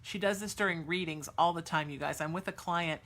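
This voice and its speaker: With a lowish, fairly bright voice and a brisk pace, this woman podcaster offers live psychic readings to viewers in chat. She chats with plenty of fillers, reassures and soothes, and addresses listeners as sweetheart.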